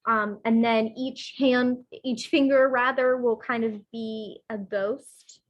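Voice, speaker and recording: Female kids' presenter, gentle and instructive, slow delivery, slightly high voice. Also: fairly even intonation, muffled recording. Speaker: children's program presenter. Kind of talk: storybook reading and craft tutorial for kids.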